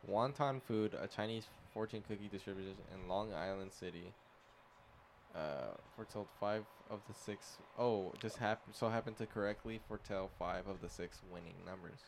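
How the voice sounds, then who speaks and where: A man's voice: lowish voice, normal speed, a little hiss or hum. A young man co-hosting a casual podcast, reading out odd facts with jokes and plenty of swearing. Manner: joking, swears a lot, reads facts aloud. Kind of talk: casual chat.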